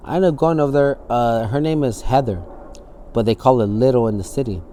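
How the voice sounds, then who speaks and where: A man's voice: mid-range voice, a little fast, dark tone, slight background noise. A man, speaking in a candid documentary interview. He tells his story vividly, acting out the scenes and swearing freely. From San Francisco Bay Area.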